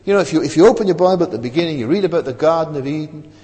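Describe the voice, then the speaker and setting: A middle-aged male preacher giving a chatty sermon, with a pitch that rises and falls widely as he goes. He often tags his points with "isn't it?" His voice rings with a long reverb through the chapel. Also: lively intonation, racing, mellow. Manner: conversational, keeps asking "isn't it?".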